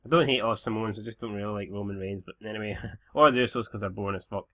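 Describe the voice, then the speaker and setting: A young Scottish man commenting casually on a game, swearing freely and joking with his viewers. His voice is bright and forward. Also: lowish voice, fairly even intonation, fast talker. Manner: sweary, laid-back banter. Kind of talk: casual let's-play commentary.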